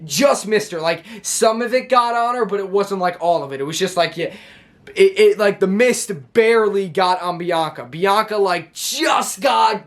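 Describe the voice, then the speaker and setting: High-voiced man rambling through a recap. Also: moderate pace, a bit bright. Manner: rambling, many restarts and fillers. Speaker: wrestling show reviewer. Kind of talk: casual recap vlog.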